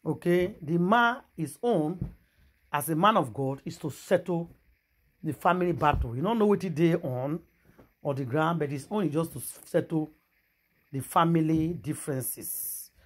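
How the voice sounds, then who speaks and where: A gossip vlogger with a Nigerian accent tells a story in a casual vlog, mixing Pidgin with English in an animated, exclamatory way. Her voice is low-pitched and unhurried.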